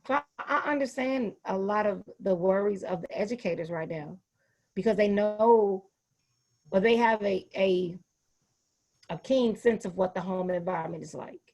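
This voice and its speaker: A woman hosting a casual panel discussion with educators over a video call. She tells lively stories and calls people baby and sweetie. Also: mid-range voice, normal speed. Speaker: host and educator.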